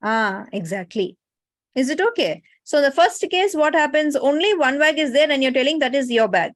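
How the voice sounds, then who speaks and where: A woman's voice: sits high, lively intonation, normal speed, dry recording. A woman with an Indian English accent, teaching a Japanese grammar class. She explains patiently and keeps checking in with "no?" and "right?". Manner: explanatory, often tags sentences with "no?" and "right?". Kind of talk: online class lecture. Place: online class.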